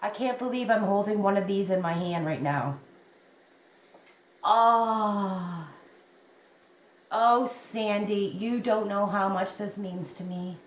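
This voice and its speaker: A woman's voice: mid-range voice, moderate pace, hardly any pauses. Gushing woman in an echoey room. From Canada. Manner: gushing and excitable, with many exclamations. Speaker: crochet vlogger. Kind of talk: unboxing a gift on camera. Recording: echoey room with faint noise.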